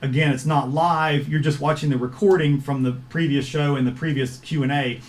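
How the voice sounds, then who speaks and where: Guy hosting a laid back video call chat, kinda high voice, lots of uhs. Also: steady tone. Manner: easygoing, halting with frequent "uh" fillers. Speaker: host of a filmmakers' livestream. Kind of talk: casual chat.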